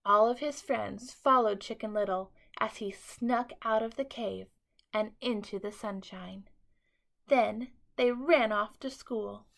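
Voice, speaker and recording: A woman teacher reading a bedtime story aloud to children in an expressive, dramatic way. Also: on the high side, slow, vocal fry.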